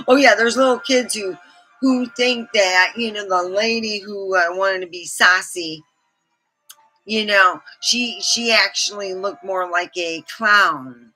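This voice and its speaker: A woman's voice: mid-range voice, sharp tone, low-quality recording. A middle-aged woman hosting a livestream, telling stories casually, chatty and laughing often as she acts out quotes. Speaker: livestream host. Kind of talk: casual storytelling.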